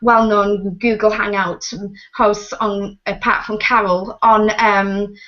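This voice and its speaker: A woman with a Northern English accent, croaky from a sinus infection, chatting emphatically as a guest on a video call. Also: medium pitch, flat delivery, slow, lo-fi sound. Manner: emphatic, chatty, repeats "actually". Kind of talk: casual video-call chat.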